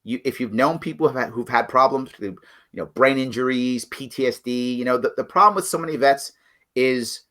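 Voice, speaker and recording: A man's voice: medium pitch, moderate pace, fairly bright tone. A middle-aged man hosting a livestream political commentary show, talking bluntly and emphatically straight to his viewers.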